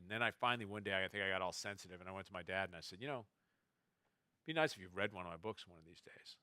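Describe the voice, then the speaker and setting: A man telling family anecdotes to a festival audience, quoting relatives in quick asides. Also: lowish voice, animated, bright, forceful tone, no room sound. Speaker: novelist speaking at a festival. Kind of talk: storytelling talk to an audience. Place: festival stage before a live audience.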